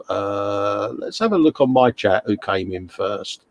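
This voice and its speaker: A man's voice: lowish voice, lively intonation, unhurried, hardly any pauses, no echo. A middle-aged British man hosting a casual live stream from his workshop, chatting and reading out viewers' messages. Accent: British English. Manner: chatty, reads out chat messages. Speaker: host. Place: home workshop.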